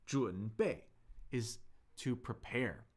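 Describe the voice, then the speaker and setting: A man hosting a live-stream Chinese lesson, slowly explaining pronunciation with lots of fillers and thanking viewers in the chat. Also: mid-range voice. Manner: slow, drawn-out speech with many fillers, demonstrating sounds.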